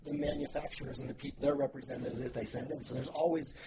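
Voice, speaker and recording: A man as a podcast guest, telling stories about his past work in a relaxed, chatty way, often restarting his sentences. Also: mid-range voice, quick pace, heavy background noise. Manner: relaxed storytelling, frequent restarts, easy laughter. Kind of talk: casual interview chat.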